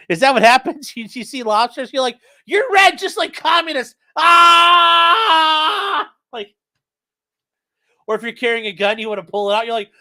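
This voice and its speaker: A man hosting a live stream, reading chat aloud and answering with sarcastic commentary and sudden shouted mock voices. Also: extremely high pitch, no echo.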